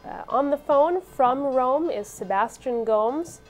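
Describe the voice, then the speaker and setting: A woman anchors live news commentary, speaking in a clear, measured way. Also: high voice, animated, faint music behind.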